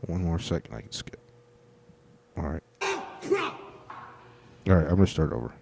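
A man's voice: low voice, fairly even intonation, a little fast, creaky, warm tone, slight background noise. A man giving casual, profane commentary while reacting to online videos, blunt and swinging from somber to worked up.

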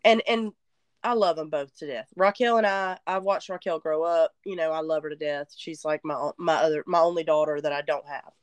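Animated woman telling a story. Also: sits low, a little fast, clean tone, no echo. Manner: animated storyteller, drawling, self-mocking. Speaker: podcast co-host. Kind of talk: casual chat.

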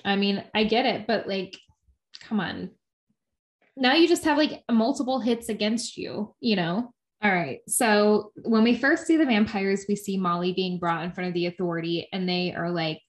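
A woman co-hosting a podcast, chatting casually while recapping a show, talking quickly and laughing often. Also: medium pitch. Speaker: podcast co-host.

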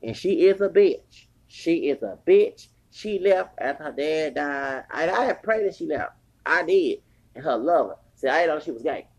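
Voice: medium pitch, expressive, normal speed, darkish tone. A person in their forties telling a long story in a casual, rambling rant, swearing heavily and growing heated. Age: 40s. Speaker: podcast host.

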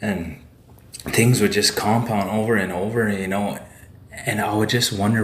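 A Saskatchewan man, a guest on a podcast, tells a casual story in a loose, rambling way, peppering his sentences with "eh" and "like." His voice sits fairly low with fairly even intonation and a moderate pace. The recording has a roomy echo and slight background noise.

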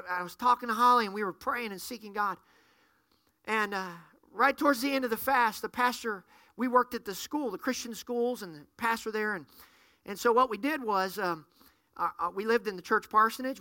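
A middle-aged man, a pastor, preaching a sermon and telling stories with lively acted-out dialogue. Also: high-pitched, dry recording. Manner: animated storyteller, acts out dialogue. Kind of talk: sermon storytelling.

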